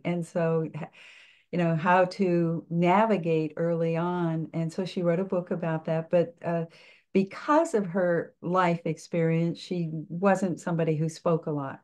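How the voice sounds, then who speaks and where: Reflective older woman coaching voice. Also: fairly low pitch. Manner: reflective, halting, with gentle restarts. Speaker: speaking coach. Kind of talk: interview answers.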